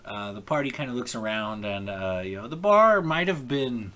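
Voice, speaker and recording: A man narrating a tabletop role-playing game as game master online, halting, with many fillers and restarts. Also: mid-range voice, expressive, a bit bright. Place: home, online call.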